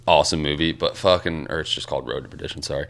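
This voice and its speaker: A man's voice: very deep voice, fairly even intonation, very fast, gravelly, a bit bright. A man co-hosting a podcast in crude, joking casual chat. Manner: crude, joking, swears a lot. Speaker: podcast co-host.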